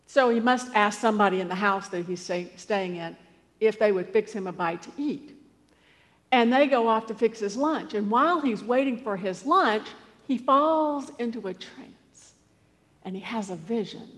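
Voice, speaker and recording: A woman's voice: medium pitch, moderate pace. Chatty woman retelling scripture in a hall. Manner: conversational, with asides and fillers. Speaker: preacher. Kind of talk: storytelling sermon. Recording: long hall reverb.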